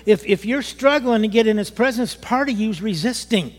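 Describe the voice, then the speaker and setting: A middle-aged man preaching a sermon to his church, animated, rising to emphatic bursts. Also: high-pitched, normal speed. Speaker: pastor. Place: church sanctuary. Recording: long hall reverb.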